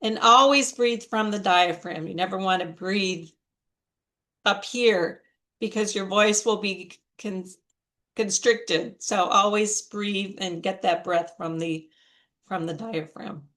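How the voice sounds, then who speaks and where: A woman with a mid-range, slightly bright voice, the featured speaker and a coach, gives a motivational talk on public speaking in an online video meeting, recorded over the video call. Her delivery is slow, deliberate and emphatic.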